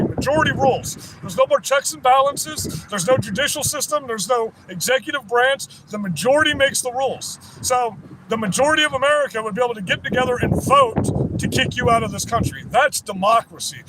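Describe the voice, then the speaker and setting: Guy with a high voice ranting on a livestream, swears a lot, loud traffic behind him. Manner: profane, combative, rambling. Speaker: livestreamer at a rally counter-protest. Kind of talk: casual livestream rant. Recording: outdoor street noise with traffic.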